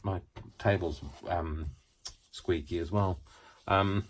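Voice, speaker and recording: A man's voice: deep voice, lively intonation, normal speed, darkish tone, slight background noise. A middle-aged man hosting a craft tutorial at home, rambling and joking about himself as he works. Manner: rambling, self-deprecating, jokey. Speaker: craft channel host. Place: home craft space, seated.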